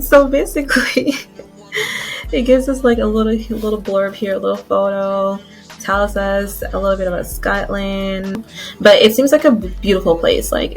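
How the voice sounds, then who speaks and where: Chatty woman vlogger, faint music behind. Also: mid-range voice. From Guyana. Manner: chatty, addresses viewers as y'all and guys, many likes. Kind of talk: casual chat to camera.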